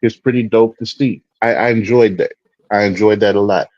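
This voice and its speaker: Male boxing co-host, middle pitch, relaxed slangy talk, dry and a bit dull on lo-fi audio. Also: normal speed, no echo. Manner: relaxed, slangy fight recap. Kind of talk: casual panel chat.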